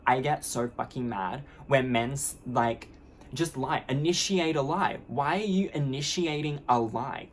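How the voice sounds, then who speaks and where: A woman's voice: rumbling low, a little slow, a little hiss or hum. Blunt, foul-mouthed woman vlogger ranting. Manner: blunt, profane and fired-up; sarcastic, mockingly sweet asides. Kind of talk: casual ranting monologue.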